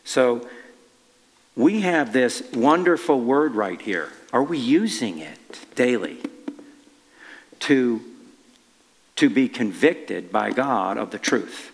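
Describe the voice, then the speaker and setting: A man preaching a conversational sermon, his mid-pitched voice trailing off into a long hall reverb. He speaks in a halting, easygoing manner, often restarting his sentences as he tells his story. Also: animated.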